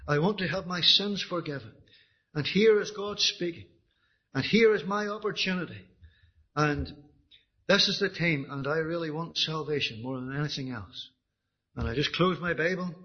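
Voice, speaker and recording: A Northern Irish man preaches his own testimony in an earnest, halting way, often repeating words as he restarts. His voice is husky and sits a little high for a man. The recording is dull and lo-fi. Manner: earnest, with frequent restarts and repetitions. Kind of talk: personal testimony sermon.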